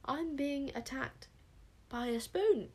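A frantic, unhinged witch-hunter in a storybook, as a woman narrator puts him on. He shrieks his lines high and loud, dragging out every word. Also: animated, takes it slowly. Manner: screeching, high-pitched yells.

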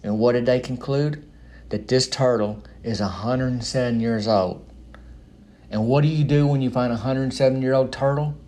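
A man telling a rambling, deadpan comic monologue about his small town, in folksy, slangy speech. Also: medium pitch, normal speed.

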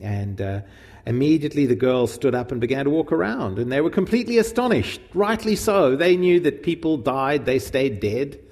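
A preacher with a medium-pitched voice teaches from the Gospel at normal speed in a large hall. Animated and informal, his sermon is conversational and peppered with questions to the audience.

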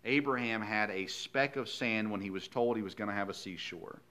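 A male pastor preaching a sermon in a folksy, earnest storytelling way, swinging from hushed lines to loud emphasis. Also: lowish voice, moderate pace.

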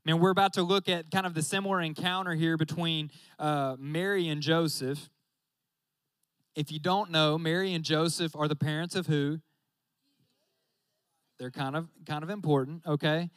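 In a high, light voice, a young man delivers a casual, joking sermon, repeatedly turning to his listeners and addressing them directly with "y'all." His delivery is smooth and a bit bright, with fairly even intonation and a moderate pace. The recording is close and dry, without any room echo.

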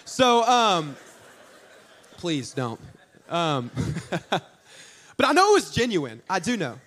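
A young man preaching a sermon, telling stories in an animated, joking way with asides to the congregation. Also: sits high, slow. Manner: animated, jokey storytelling with audience asides. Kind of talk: storytelling sermon.

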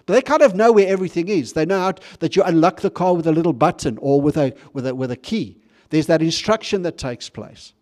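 High-voiced pastor preaching conversationally. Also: male voice, lively intonation, fast talker, a little mellow. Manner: conversational, stumbling restarts; asks the congregation questions. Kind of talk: sermon.

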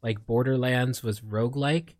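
A man's voice: mid-range voice, fairly even intonation, moderate pace, darkish tone, no echo, clean studio sound. A young man from the Philippines chatting casually as a streamer, rambling with lots of fillers and restarts. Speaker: streamer and podcast co-host. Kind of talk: casual chat.

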